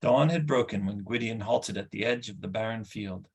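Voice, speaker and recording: A man reading a fantasy novel aloud in an even, steady way. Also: lowish voice, normal speed, slightly rough. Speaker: audiobook reader.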